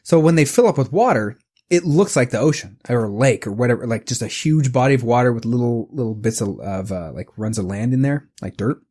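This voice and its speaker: Animated guy trading stories on a podcast, laughing a lot, lots of swing in pitch. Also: brisk. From California. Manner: animated storyteller, laughs often. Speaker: podcast co-host. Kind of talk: casual podcast banter.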